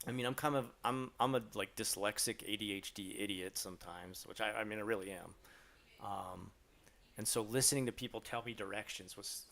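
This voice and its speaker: Man, gravelly voice, thirties to forties, casual live Q&A host, rambling, swears a lot. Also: lowish voice, moderate pace. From Florida, USA. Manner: rambling, swears freely, animated storytelling. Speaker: live stream host answering questions.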